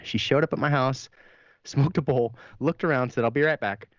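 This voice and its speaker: A man's voice: mid-range voice, normal speed, no room sound. A man co-hosting a podcast, telling a long story in casual chat, swearing freely, laughing often and acting out quotes. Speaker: podcast co-host. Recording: dry, slightly dull mic sound.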